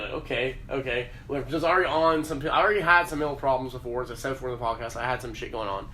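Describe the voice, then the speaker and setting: A man's voice: mid-range voice, fairly even intonation, fast, hardly any pauses, sharp tone. A young man telling a story as a podcast host, casual and profane, rambling along. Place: podcast room. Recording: roomy echo, faint hiss.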